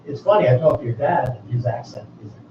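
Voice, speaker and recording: A man's voice: mid-range voice, animated, brisk. Rambling man hosting a radio show. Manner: rambling and jokey, restarts often. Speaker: radio host. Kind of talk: casual radio chat. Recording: echoey, distant, dull, noisy room.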